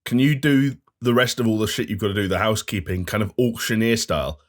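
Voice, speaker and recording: Male co-host, lower pitch, dry teasing banter, relaxed chat. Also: fast. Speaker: podcast co-host. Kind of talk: casual podcast chat.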